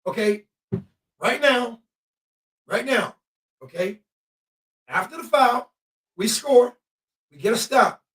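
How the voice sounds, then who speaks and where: A male host giving excitable live commentary while watching a game, often shouting at the refs and players. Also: very high voice, slow, long pauses. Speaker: podcast host. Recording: echoey room, mic at a distance.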